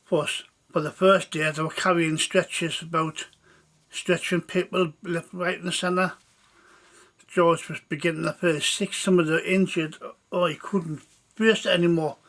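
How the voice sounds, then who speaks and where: Slow high-voiced male storyteller. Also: little pitch movement, fairly bright tone. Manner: slow, halting telling. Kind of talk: told war story.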